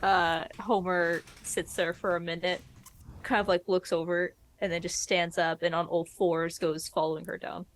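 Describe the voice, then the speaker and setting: A woman playing a tabletop game, blunt and deliberate. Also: lowish voice, flat delivery, slight background noise. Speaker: player.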